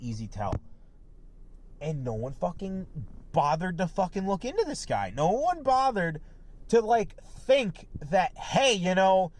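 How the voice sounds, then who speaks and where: Profane rambling male commentary host. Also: on the high side. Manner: profane, rambling, laughs often, swings between loud bursts and muttered asides. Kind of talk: rambling rant monologue.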